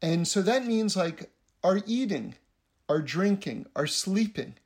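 A man's voice: high voice, animated, slow, a little mellow. A man giving a casual spiritual teaching, rambling and often repeating his words.

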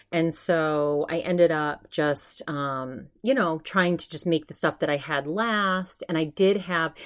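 A young woman hosting a podcast, telling a story in casual chat with animated quoted asides. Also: sits low. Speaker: podcast host.

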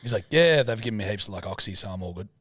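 Very fast and expressive, a podcast co-host with an Australian accent, in his thirties, rattles through a rowdy story full of swearing and impressions of the people in it. His voice is on the low side and a bit bright, recorded with no echo.

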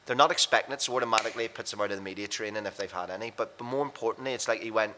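Fast-talking bright-voiced man telling stories. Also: on the low side, a little hiss or hum. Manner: rapid, anecdotal, blunt and self-mocking. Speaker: radio presenter and podcast guest. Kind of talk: casual storytelling chat.

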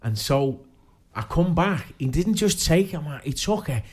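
A man's voice: on the high side, sing-song, unhurried, a little mellow, husky. A man, chatting as a guest and telling rambling stories, often asking "do you know what I mean". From Liverpool area. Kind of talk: casual chat.

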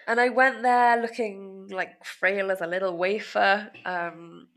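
A woman guitarist as a guest, candidly recounting a personal story, often laughing at herself and sometimes dropping to a soft murmur. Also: medium pitch, steady tone, slow pace. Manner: reflective, frequent self-conscious laughs, drops to soft murmurs.

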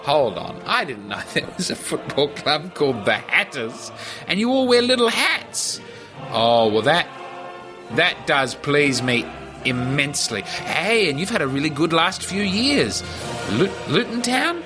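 A man hosting a podcast alone, rambling playfully and swooping his pitch for jokes, with music behind him. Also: very animated, a little slow. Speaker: podcast host. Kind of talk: rambling comedic monologue.

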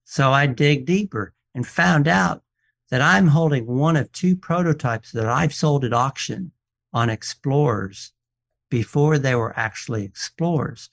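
A man's voice: medium pitch, measured pace, gravelly. A man who appraises watches, telling stories as a guest on a casual radio show, acting out the people in them as he goes. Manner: animated storyteller, quotes people in dialogue, frequent restarts.

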